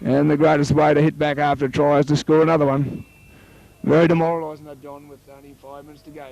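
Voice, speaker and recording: A fast-talking Australian man with a slightly high voice and some vocal fry gives play-by-play of a local rugby league match. He banters with his co-commentator and yells excitedly on tries, while the audio has its highs cut off.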